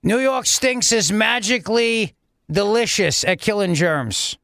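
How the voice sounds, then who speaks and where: A man's voice: sits high, expressive, unhurried, bright, forceful tone, no room sound, exaggerated voice. A man doing a smug, bullying governor. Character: pompous male governor, boastful and bullying. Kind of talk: mocking impression.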